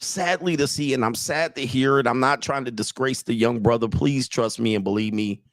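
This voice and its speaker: A male host giving casual comedic commentary, rambling and excitable, with a habit of repeating "all right". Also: medium pitch, normal speed.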